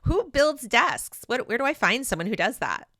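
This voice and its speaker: A woman putting on a whiny, baffled young valley girl voice, higher than her own, with upspeak and a dry sound. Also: big pitch swings, normal speed, fairly bright tone, no room sound. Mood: clueless whiny.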